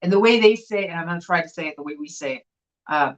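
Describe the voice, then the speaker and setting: A middle-aged woman chatting casually as co-host of a live vintage sale from a room at home, telling stories in an animated way. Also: fairly low pitch, rapid-fire, rough recording. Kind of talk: casual chat. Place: home room with window blinds.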